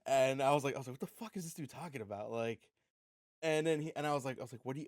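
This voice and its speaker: Animated young man telling a story. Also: medium pitch, very fast, no echo, studio quality. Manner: animated storytelling with frequent profanity. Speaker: podcast co-host. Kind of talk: casual chat.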